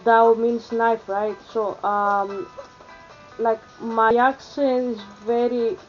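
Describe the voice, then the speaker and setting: Greek lady from athens rambling on her vlog, lots of likes and ums, kinda high voice. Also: flat delivery, dull audio, faint music behind. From Greece. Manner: halting, many fillers and restarts. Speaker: vlogger. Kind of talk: rambling casual vlog chat.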